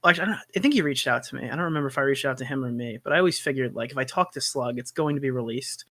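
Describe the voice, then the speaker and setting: Bright-voiced man in crude, joking stream chat. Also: mid-range voice, very fast, no echo. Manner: crude, joking, breaks into laughter. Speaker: commentary streamer host. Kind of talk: casual livestream chat.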